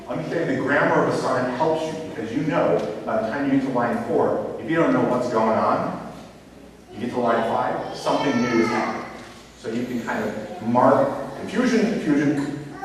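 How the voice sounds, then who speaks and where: Man teacher, mid pitch, heard from a distance in a roomy hall; explains patiently, checks in with the audience. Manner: explains step by step, quizzing the audience. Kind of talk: classroom-style lecture to parents. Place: school room or hall. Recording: echoey hall, distant mic, faint hiss.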